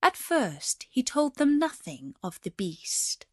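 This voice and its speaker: A woman reading a fairy tale aloud as a gentle bedtime story. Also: high voice, sing-song, takes it slowly, no room sound, clean studio sound.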